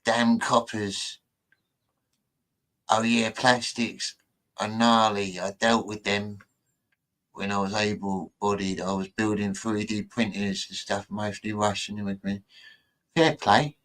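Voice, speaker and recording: Low-voiced man, casual streamer, jokey rambling brag. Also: steady tone, slow pace, pauses often, a bit bright, poor audio. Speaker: streamer reacting to clips. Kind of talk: casual chat.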